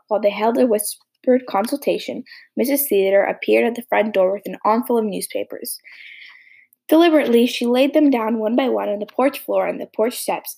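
A woman reading a classic novel aloud as an audiobook, steady with small slips. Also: fairly high pitch, vocal fry, breathy edge, rough recording. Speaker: audiobook reader. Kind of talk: storybook reading.

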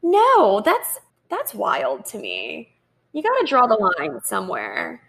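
A woman's voice: on the high side, wildly swooping pitch, slow, gravelly. A young woman co-hosting a podcast in casual chat, opinionated, often repeating a word as she starts a thought. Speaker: podcast co-host.

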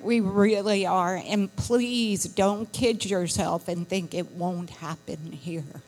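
A woman's voice: mid-range voice, darkish tone, in a large hall, soft background music, rough recording. A woman from England, a missionary's wife giving an earnest testimony at church. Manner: earnest, slow, breathy. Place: church sanctuary.

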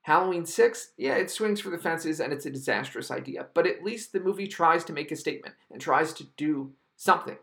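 A man's voice: fairly high pitch, brisk, vocal fry, few pauses, a bit bright. A man delivering an exasperated, profanity-laced film review monologue with heavy emphasis.

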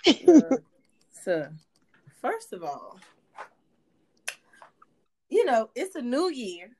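A woman from Virginia co-hosting a podcast in casual chat, animated and emphatic, laughing often. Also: on the high side, takes it slowly, husky. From Hampton, Virginia. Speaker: podcast co-host.

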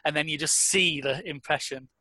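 Man, bright voice, dry close sound, casual sitcom recap chat. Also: a little high, moderate pace, no room sound. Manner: retells scenes, quoting characters in a lightly acted voice. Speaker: podcast co-host.

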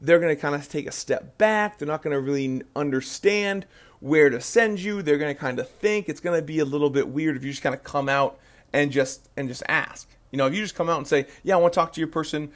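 Young male podcast host, slightly high voice, loose, repetitive coaching talk. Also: a little fast. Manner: energetic, repeats himself, acts out sample calls. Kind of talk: casual sales advice podcast.

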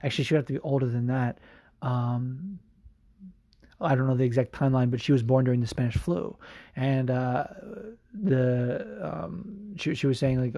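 A man's voice: medium pitch, normal speed, warm tone, no echo. A man hosting a podcast in casual chat, rambling with lots of fillers and swearing. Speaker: podcast host.

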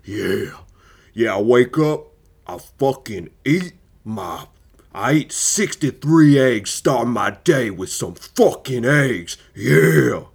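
A man mimicking a macho tough guy who boasts loudly and slowly about his breakfast. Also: mid-range voice, expressive, creaky, slightly rough, full character voice. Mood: boastful. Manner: loud, slow, chest-thumping bravado.

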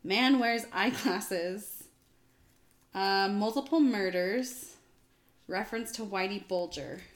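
A woman co-hosting a podcast game, reading keywords calmly and matter-of-factly. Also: medium pitch, slow. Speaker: podcast co-host. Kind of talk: casual game chat.

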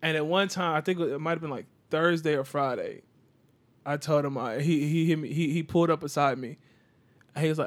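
A young man telling a work story in casual chat, animated and profane, heavy slang. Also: a little high, fairly quick.

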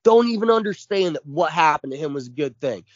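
A man's voice: a little high, lively intonation, brisk, lo-fi sound. A man in his forties co-hosting a podcast, ranting with constant swearing and heavy emphasis. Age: 40s. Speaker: podcast co-host. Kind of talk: casual chat.

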